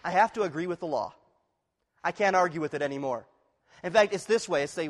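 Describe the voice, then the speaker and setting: A man preaching a sermon, shifting from quiet, confessional passages to loud, emphatic ones and acting out the voices of inner struggle. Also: on the high side, fast talker, big-room sound. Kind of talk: expository sermon.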